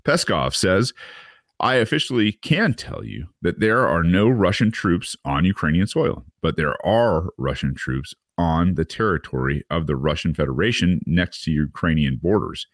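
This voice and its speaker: A man's voice: low-pitched, animated, normal speed, no echo, clean studio sound. A man reading a news article aloud and adding sardonic asides, with repeated words and fillers. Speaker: podcast host reading and commenting on a news article. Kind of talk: casual commentary with read-aloud passages.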